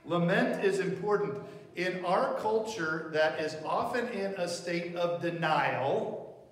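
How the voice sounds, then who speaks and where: Heard from a distant mic amid roomy hall reverb, a male pastor speaks slowly in a high-sitting voice. His sermon in the church sanctuary is conversational, regularly turning questions to the congregation.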